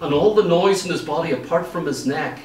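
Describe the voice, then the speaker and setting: A man with an Irish accent preaching a sermon, telling stories in a lively way and acting out what people said. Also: fairly high pitch, fairly quick, slight background noise. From Ireland. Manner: lively storytelling, acts out quoted speech. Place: church. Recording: echoey church room, mic at a distance.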